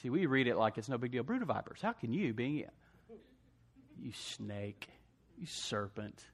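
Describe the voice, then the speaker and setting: A man preaching a sermon to a church congregation, asking "amen?" and swinging from hushed asides to loud emphasis. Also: medium pitch, sing-song, unhurried. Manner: call-and-response preaching, asks congregation "amen?". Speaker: pastor.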